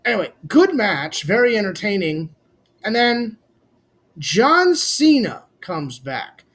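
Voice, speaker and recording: A wrestling commentary vlogger with a high, fairly bright voice delivers a blunt, opinionated recap, very animated yet slow. He swears casually and talks straight to his viewers, calling his fans "boys."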